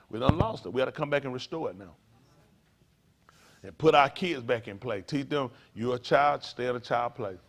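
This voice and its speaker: An older man preaching to a congregation, in a folksy, playful way with sudden loud bursts. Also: medium pitch. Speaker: pastor.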